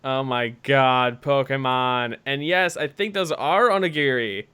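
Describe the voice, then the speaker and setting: A man's voice: mid-range voice, unhurried, bright, forceful tone, clear, resonant tone. A man from the US Midwest chatting and laughing along while playing a game. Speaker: co-host. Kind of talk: casual gaming chat.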